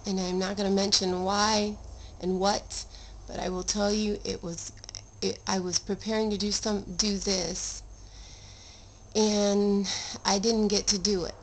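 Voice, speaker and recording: A middle-aged woman speaks to her viewers in an earnest, rambling way, restarting her sentences and now and then pushing a word up hard. Her voice sits at an ordinary pitch for a woman. A faint hiss of noise runs under the recording. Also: level tone, unhurried, low-quality recording. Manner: earnest, rambling, with restarts and sudden emphatic rises. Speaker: vlogger sharing her illness story. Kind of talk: casual heartfelt talk to camera.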